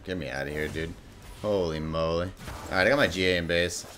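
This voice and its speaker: A man giving live gameplay commentary, excitable and profane, breaking into sudden yells. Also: low voice, a little fast, slight background noise. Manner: excitable, swearing, bursts into yelling. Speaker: gameplay streamer.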